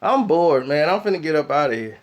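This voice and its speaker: A man's voice: fairly high pitch, lively intonation, fairly quick. A man ranting casually to the camera with slangy talk, telling funny stories and laughing often. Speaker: vlogger. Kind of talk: casual comedic rant to camera.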